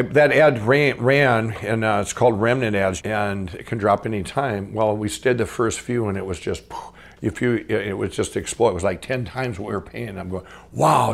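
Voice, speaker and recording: A man with a gravelly, rough-edged voice tells his own story in loose, eager, rambling fashion. He jumps into the quoted dialogue as he goes, and his pitch sits in the ordinary middle range for a man. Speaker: inventor and company founder telling his life story. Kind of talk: casual first-person storytelling.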